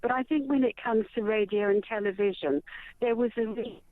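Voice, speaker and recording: A woman's voice: on the high side, brisk, no echo. An older woman calling into a radio phone-in, polite and slightly rambling. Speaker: caller. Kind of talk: phone-in call. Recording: tinny, dry phone line.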